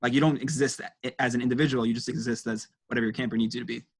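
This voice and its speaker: A man's voice: medium pitch, little pitch movement, racing, husky. A young man speaking as a guest in a casual interview, answering in a thoughtful way with many fillers.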